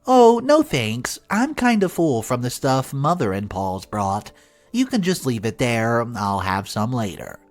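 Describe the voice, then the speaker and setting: A man voicing a timid young female college student who speaks softly and meekly. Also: medium pitch, sing-song, unhurried, faint music behind.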